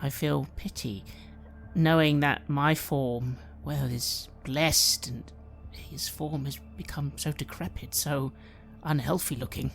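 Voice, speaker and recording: A player speaking in character, slow and earnest, sometimes dropping into soft, near-whispered lines. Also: mid-range voice, steady tone, vocal fry, soft background music. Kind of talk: in-character roleplay speech.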